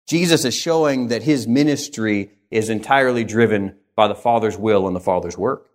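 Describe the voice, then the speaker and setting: A man's voice: mid-range voice, fairly quick, hardly any pauses. A man preaching an expository sermon, with emphatic, rhythmic repetition.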